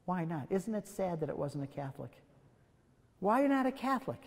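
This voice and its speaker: Male speaker, evangelistic lecture; animated, emphatic storyteller; higher voice; reverberant lecture hall. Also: moderate pace. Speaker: guest speaker. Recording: long reverb in a large hall.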